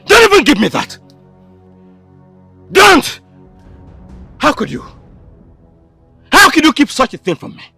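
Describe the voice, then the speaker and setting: A man's voice: extremely high pitch, sing-song, brisk, gravelly, long pauses, dry recording, exaggerated voice. An actor with a Nigerian English accent playing a furious young man who feels betrayed by his friend. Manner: angry, accusing, shouting. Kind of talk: Nollywood film acting. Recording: film audio with background music.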